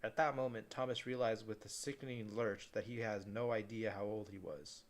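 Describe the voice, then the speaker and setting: A man's voice: lowish voice, steady tone, moderate pace. A man reading a novel aloud in a casual way, often stumbling and restarting words.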